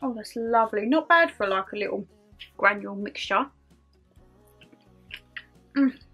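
A woman's voice: medium pitch, animated, measured pace, a bit bright, soft background music. A woman vlogging casually to camera over dinner, chatty and self-mocking, talking with her mouth full. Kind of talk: casual chat to camera while eating.

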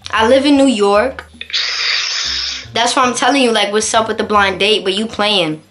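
A woman's voice: mid-range voice, fairly even intonation, normal speed, a bit bright, soft background music, natural voice. Woman putting on a sassy girly caller voice. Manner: sassy, defensive, attitude-heavy. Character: sassy young woman from New York on a video call.

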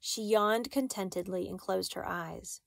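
A woman reading a children's novel aloud in a measured, expressive way. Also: medium pitch, creaky, no room sound. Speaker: audiobook reader.

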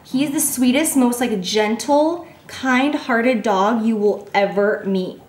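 A woman's voice: on the high side, slow, a little mellow, roomy sound, slight background noise. Bubbly, gushing young woman vlogger. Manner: gushing, bubbly, heavy use of "like". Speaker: beauty vlogger answering fan questions. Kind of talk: casual chat.

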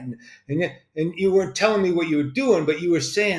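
An older man hosts the talk in a fairly high voice, eager and tripping over his own words as he restarts. His voice sits in a roomy, echoing space. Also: animated, brisk, few pauses. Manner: enthusiastic, stumbling restarts. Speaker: podcast host. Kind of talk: casual interview chat. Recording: roomy echo.

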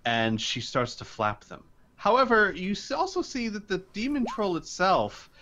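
A man's voice: sits high, sing-song, normal speed, pushed and bright, lo-fi sound, a little hiss or hum. A man narrating a tabletop role-playing game as game master.

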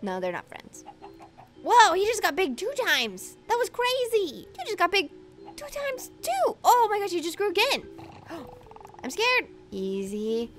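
A woman commenting on her game play in an excitable way, gasping and talking to her pets. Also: extremely high pitch, a little slow, music in the background. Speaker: gaming YouTuber.

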